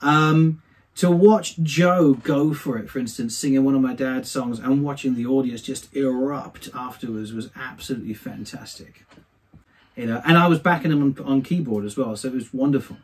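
A man, a singer, being interviewed and telling anecdotes from his career in a chatty, animated way. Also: medium pitch, normal speed, husky. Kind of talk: casual storytelling.

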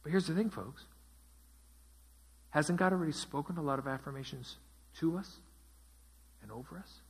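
A man's voice: a little high, moderate pace, gravelly, husky. A man teaching a Bible study as pastor, asking his group questions and repeating their answers. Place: church.

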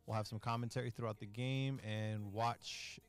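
A man's voice: fairly low pitch, steady tone, moderate pace. Rambling man chatting over a video game. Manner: rambling, swears freely, laughs often. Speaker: co-host and gamer. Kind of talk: casual gaming chat.

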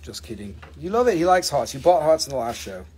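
A man's voice: on the high side, big pitch swings, fast, darkish tone, husky. A man selling rocks on a live stream, teasing viewers by name, swearing casually and joking between prices. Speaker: live-stream crystal seller.

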